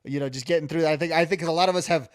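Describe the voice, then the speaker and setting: A man chatting on a podcast, voice sitting a little high for a man. He rambles, restarts his sentences and fills gaps with "like" and "um." The recording is dry and close, with no room sound. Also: fairly even intonation, rapid-fire, no echo. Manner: rambling, many restarts and fillers, hums melodies. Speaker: podcast co-host. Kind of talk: casual music discussion.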